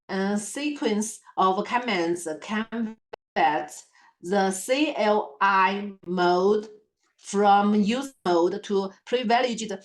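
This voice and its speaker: A woman whose first language is Chinese gives a halting lab report presentation, full of fillers and repeated words. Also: mid-range voice. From China. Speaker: student presenter.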